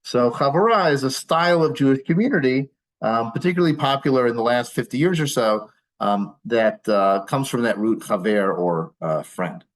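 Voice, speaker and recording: A male rabbi with a mid-range, animated voice teaches an informal class before a live audience at a moderate pace, taking questions as he goes. He explains things patiently, with dry humor and plenty of small fillers. The audio quality is poor.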